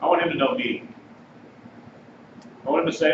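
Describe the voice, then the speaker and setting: High-voiced pastor preaching in an echoey hall. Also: male voice, brisk. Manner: conversational preaching, reads passages aloud. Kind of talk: sermon. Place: congregation sanctuary. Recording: distant mic, echoey sanctuary, dull and noisy.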